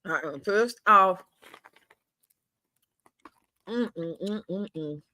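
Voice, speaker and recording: A livestream host, older and drawling, rants from home with plenty of profanity, looping back over his grievances and drawing out certain words. His voice is high and bright with a sharp edge, moderately paced, captured dry and close with no echo.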